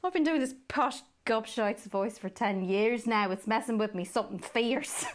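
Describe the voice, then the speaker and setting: A woman's voice: fairly high pitch, moderate pace, natural voice. A woman with an Irish accent playing a coarse, jokey female presenter off-air in a video game. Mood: coaxing.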